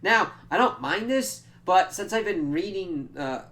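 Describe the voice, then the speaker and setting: A man's voice: high voice, expressive, a little slow, pushed and bright. A man giving a casual, rambling spoken review of a comic book. He swears freely, leans on fillers and acts out the characters' reactions. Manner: loose and rambling, full of fillers and swearing, acting out quoted reactions.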